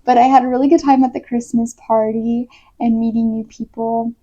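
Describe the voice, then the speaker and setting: A woman's voice: fairly high pitch, little pitch movement, a little fast, dark tone. A young woman from the United States, a missionary, telling a story in a casual vlog. She is chatty, uses lots of "like" fillers and laughs easily. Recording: dull lo-fi recording.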